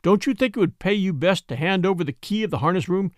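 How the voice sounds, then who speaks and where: A man voicing a calm, steely man who speaks quietly and in a measured way. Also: high-pitched, dry recording, clean studio sound.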